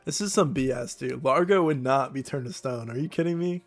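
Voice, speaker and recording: A man's voice: medium pitch, brisk, soft background music. A man streaming a video game, cracking jokes between dialogue lines. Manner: joking asides between read lines. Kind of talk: casual gameplay commentary.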